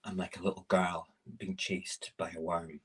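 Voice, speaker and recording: A man's voice: deep voice, level tone, moderate pace, fairly bright tone, breathy edge, low-quality recording. A middle-aged man hosting a casual morning stream while cooking in his home kitchen, rambling and self-mocking. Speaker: morning show host.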